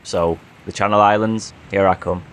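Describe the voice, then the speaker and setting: A man narrating a travel vlog and talking to camera while hiking outdoors, in a relaxed, chatty and enthusiastic way. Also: sits low, normal speed, slight background noise. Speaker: hiking vlogger. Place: outdoors on a coastal hike.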